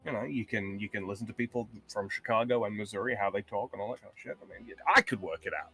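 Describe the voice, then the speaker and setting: A man's voice: lowish voice, fast talker, bright, forceful tone, soft background music. A man guesting on a podcast in casual chat, wry and profane, drifting into tangents.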